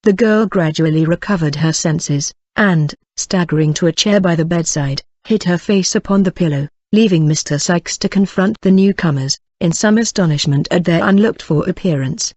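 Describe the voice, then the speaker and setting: An audiobook narrator reading a classic novel in a steady voice, with occasional slips. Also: medium pitch, moderate pace, hardly any pauses, no room sound, lo-fi sound.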